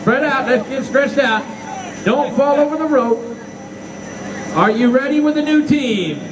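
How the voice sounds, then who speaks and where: A man working as an event announcer, coaching a crowd with loud countdowns and rapid repeated commands, outdoors on an airport tarmac. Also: extremely high pitch, expressive, noisy background.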